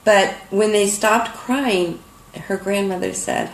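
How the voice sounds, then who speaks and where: An older woman art teacher speaks with open sentiment, her voice edged with a gravelly creak. She tells emotional stories to her students. The sound is roomy and echoey, with faint noise behind her. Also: mid-range voice, takes it slowly. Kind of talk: heartfelt online lesson talk.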